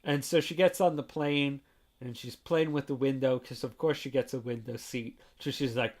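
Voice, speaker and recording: A man's voice: medium pitch, fairly even intonation, moderate pace. A man hosting a podcast, giving a chatty, rambling recap of a manga chapter and adding his own commentary. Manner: chatty, rambling, with frequent "like" and "you know".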